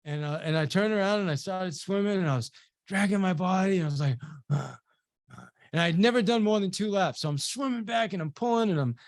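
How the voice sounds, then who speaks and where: A man giving a webinar as a sales trainer, telling a motivational story with lively energy and acting out the dialogue as he goes. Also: high voice, a little fast, dry recording, clean studio sound. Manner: animated storyteller who acts out quoted dialogue.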